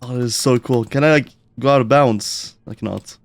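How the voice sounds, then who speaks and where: A young man streaming a game in excitable, stammering casual commentary, with frequent swearing and repeated words. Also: mid-range voice, moderate pace, no room sound.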